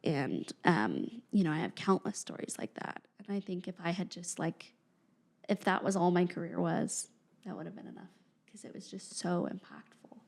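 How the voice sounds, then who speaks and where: A woman's voice: fairly low pitch, normal speed, creaky. A young adult woman speaking earnestly and reflectively as an interview guest, often dropping to a near-whisper. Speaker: podcast guest, mental health professional. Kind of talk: conversational interview.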